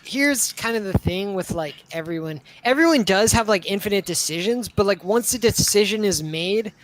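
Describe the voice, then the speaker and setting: Young man, co-host, high voice, rambling, lots of fillers, casual live-stream talk. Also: expressive, normal speed, poor audio. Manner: rambling, heavy use of filler words. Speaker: podcast co-host.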